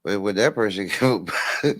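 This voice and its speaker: A man in casual chat telling a story slowly, laughing as he talks. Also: on the low side, lively intonation, no echo.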